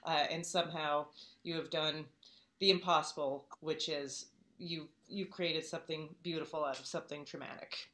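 Halting, wry woman hosting a live event. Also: low voice, steady tone, a bit bright, slight background noise. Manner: halting, with many "um"s and restarts, then wry; comic storytelling. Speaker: host.

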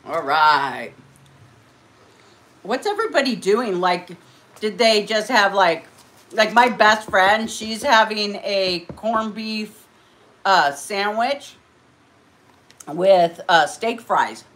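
A woman's voice: medium pitch, animated, slow pace, pauses often, a bit bright. A woman hosting a casual eating livestream, chatting and giggling with viewers and a friend. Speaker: mukbang livestream host.

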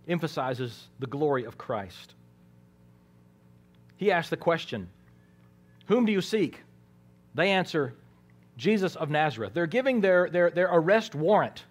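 A pastor preaching a sermon, swinging between hushed, quiet lines and loud, emphatic ones, and sometimes repeating words as he restarts a phrase. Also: fairly high pitch, animated, measured pace, pauses often.

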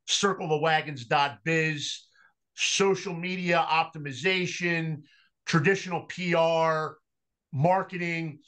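A man speaking as a guest on a sports podcast, measured and full of ums as he explains things. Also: on the high side, fairly bright tone. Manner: slow, measured delivery with frequent ums. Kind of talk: casual podcast interview.

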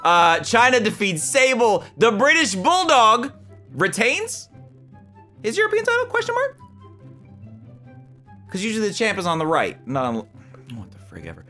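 A young man narrating his wrestling sim playthrough with a high, bouncy, very animated voice. His tone is bright and sharp, and he swings between sudden shouted reactions and low muttered asides. Faint music plays behind him. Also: normal speed, long pauses. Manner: excitable, swings from loud outbursts to mumbled asides. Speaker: gaming YouTuber. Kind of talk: gaming commentary.

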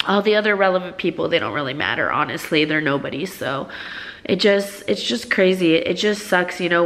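A young woman vlogging casually, rambling and emotional, full of fillers and restarts. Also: lowish voice. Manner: gushing and gasping with excitement. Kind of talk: casual vlog chat.

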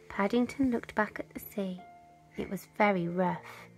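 Woman narrator, bedtime storybook reading, slow, soft and half-whispered, gravelly texture. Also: medium pitch, faint music behind.

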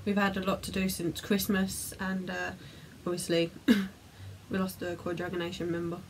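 A woman's voice: lowish voice, little pitch movement, normal speed, slight background noise. A woman co-hosting a casual video chat, teasing her partner and sounding out foreign phrases in an amused way. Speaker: co-host.

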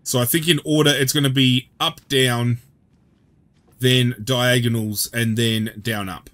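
A man's voice: mid-range voice, steady tone, a little slow, fairly bright tone. A man giving casual gameplay commentary, chatty and joking, who swears freely as he plays.

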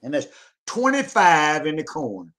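Guy bragging and cussing, high voice that jumps all over. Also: wildly swooping pitch, unhurried, fairly bright tone. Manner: profane, boastful storytelling. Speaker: guest. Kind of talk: casual chat about CB radio.

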